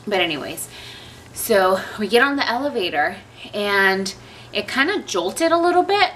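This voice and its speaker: A woman's voice: mid-range voice, big pitch swings, moderate pace, a bit bright, slight background noise. A young woman telling a personal story to her camera at home, chatty and rambling with many fillers and asides. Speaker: vlogger.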